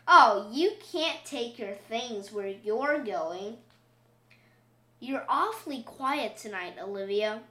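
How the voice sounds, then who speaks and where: A woman's voice: on the high side, expressive, takes it slowly, bright, forceful tone, exaggerated voice. A woman voicing an exasperated but loving mother pig in a storybook reading. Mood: fond. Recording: roomy echo.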